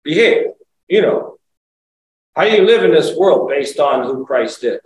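A man's voice: fairly high pitch, expressive, unhurried, a little hiss or hum. A man preaching a conversational sermon, asking rhetorical questions and rising to emphatic exclamations. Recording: echoey room, voice from far off, faint ambience.

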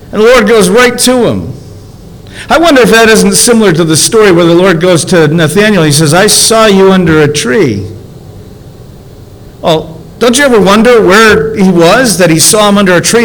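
A man's voice: high-pitched, a bit bright, poor audio. A man preaching a conversational sermon as a pastor, asking rhetorical questions and drawing out key words.

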